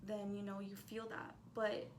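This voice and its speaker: A woman's voice: medium pitch, monotone, a little slow. Twentysomething woman guest, earnest and rambly, roomy echo, a little hiss behind. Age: 20s. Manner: earnest, rambling, laughs often. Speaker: podcast guest. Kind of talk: casual conversation. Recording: echoey room with faint background noise.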